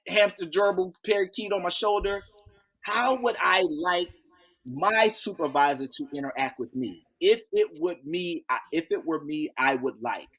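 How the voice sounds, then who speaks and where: Husky, animated man telling stories. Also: sits high. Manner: animated, folksy, acts out quotes, repeats key phrases. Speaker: guest. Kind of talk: animated interview storytelling.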